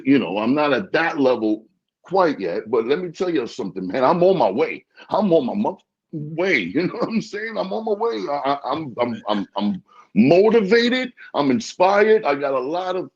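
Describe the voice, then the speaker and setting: A man chatting casually in an interview, animated, often stammering and repeating words. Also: a little high, moderate pace, breathy edge. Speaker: podcast host being interviewed. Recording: dull lo-fi sound.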